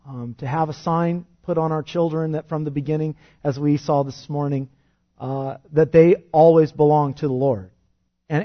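A man preaching a sermon, rising loud and fervent when reading scripture and dropping to a soft, quiet tone when explaining it. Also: on the high side, dull audio. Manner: impassioned, swells loud on scripture then drops soft. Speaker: pastor.

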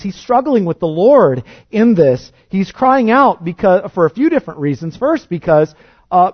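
A high-pitched man delivers an earnest sermon, swelling to emphatic peaks before falling back to a soft, low hush. The recording sounds dull and lo-fi. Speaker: preacher.

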